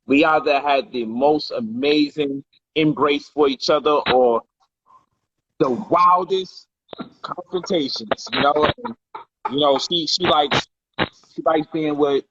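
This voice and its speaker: A man casually telling a personal story on a livestream, animated and profane, loudly acting out heated quotes. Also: on the high side, slow, pauses often, husky, highs cut off. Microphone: phone or livestream mic.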